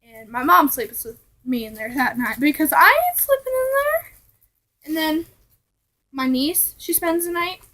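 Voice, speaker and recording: A chatty young woman tells ghost stories straight to her viewers in a casual vlog. Her voice sits a little high, and she keeps the telling animated while slipping into hushed asides now and then. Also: low-quality recording. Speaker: vlogger.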